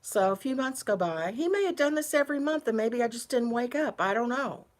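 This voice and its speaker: A woman recounting a personal story in a casual, unhurried, conversational way, with pauses between phrases. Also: a little high, animated.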